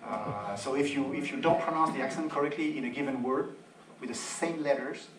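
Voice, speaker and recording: A man from France gives an informal talk to an audience and drops joking asides along the way. His voice sits at an ordinary middle pitch. It is picked up from a distance in a roomy fellowship hall, with faint noise behind it. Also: a little fast. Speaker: guest speaker.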